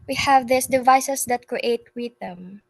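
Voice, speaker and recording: A young woman student with a Filipino English accent reading prepared definitions in a measured way, clearing her throat now and then. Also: fairly high pitch, low-quality recording. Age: young adult. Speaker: student presenter.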